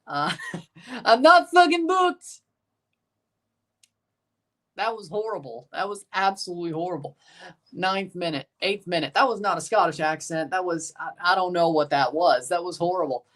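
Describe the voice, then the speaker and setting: A man's voice: high-pitched, brisk, fairly bright tone. A man hosting a live match watchalong, chatting casually, rambling and answering his chat. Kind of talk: casual live reaction commentary.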